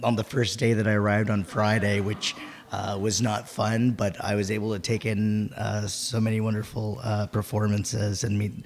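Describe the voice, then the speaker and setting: A hoarse poet with a gravelly voice, pausing often between poems and reading them with more force at a festival event. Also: male voice, lowish voice, slight background noise. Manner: halting and filler-heavy between poems, fuller and more forceful when reading. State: hoarse from a lost voice. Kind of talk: spoken word poetry reading at a festival. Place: winery event venue, live reading.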